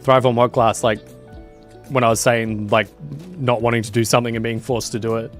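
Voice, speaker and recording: Rambling streamer. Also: male voice, mid-range voice, level tone, fairly quick, soft background music. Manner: rambling, lots of fillers. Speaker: game streamer. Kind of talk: casual chat while gaming.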